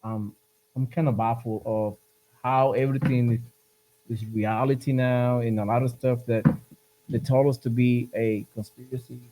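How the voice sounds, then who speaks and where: A man's voice: mid-range voice, level tone, measured pace, mellow, rough recording. A man hosting a podcast in casual chat, earnest and urging, often repeating his points. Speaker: podcast host.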